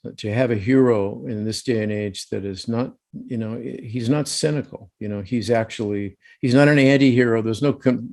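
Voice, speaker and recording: A man's voice: lowish voice, gravelly, darkish tone. A male actor talking casually in an interview over a video call, thoughtful and chatty with frequent "you know" fillers. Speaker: actor guest.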